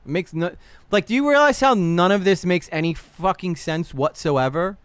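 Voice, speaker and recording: A man's voice: sits high, moderate pace, fairly bright tone, smooth. A man streaming a casual reaction video, talking bluntly to his chat and swearing often.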